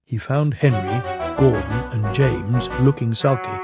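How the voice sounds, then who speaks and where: A man narrating a children's railway story in an expressive, gently paced storytelling manner. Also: medium pitch, measured pace, hardly any pauses, music in the background.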